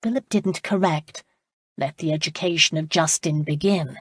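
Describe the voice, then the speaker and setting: Steady female audiobook narrator, husky timbre, dry close-mic sound. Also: low voice, moderate pace, no room sound. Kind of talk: scripted narration.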